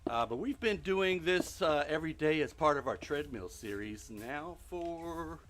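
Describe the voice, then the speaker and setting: A middle-aged man streaming a building game live while walking on a treadmill, out of breath, muttering counts to himself between loud chatty asides to his viewers. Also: fairly high pitch, lively intonation, measured pace. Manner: mutters block counts under his breath, then chats loudly to viewers. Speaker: gaming streamer.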